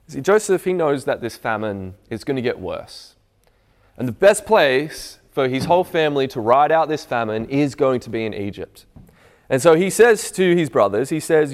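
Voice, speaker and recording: A man delivering a sermon in a mid-range voice. His delivery moves between soft, measured scripture reading and louder, climbing passages of emphatic preaching. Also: mid-range voice, animated. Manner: swings from hushed reading to raised, emphatic preaching.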